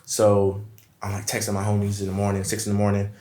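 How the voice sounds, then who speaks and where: A low-voiced man, a podcast guest spinning animated stories and slipping into other people's voices as he quotes them. The sound is roomy and echoey, as if recorded in an untreated room. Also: quick pace. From Brooklyn, New York. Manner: animated storyteller, acts out quotes. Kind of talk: casual storytelling chat.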